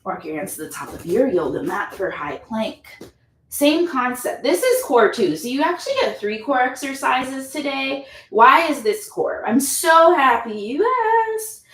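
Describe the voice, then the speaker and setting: A woman's voice: sits high, animated, measured pace, fairly bright tone. A woman yoga instructor guiding a class, upbeat and playful, chatty with whoops and laughter. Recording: echoey room, mic at a distance.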